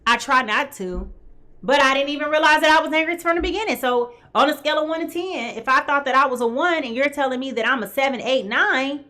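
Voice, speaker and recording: Her voice is high-pitched and sharp, and she speaks a little fast while hosting a live tarot reading. Greeting viewers by name, she speaks directly to them and often checks in with "okay?"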